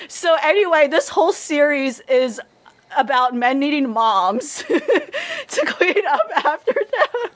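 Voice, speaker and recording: A woman's voice: high voice, sing-song, moderate pace, a bit bright. A woman in casual anime review chat, rambling, swearing, and laughing often.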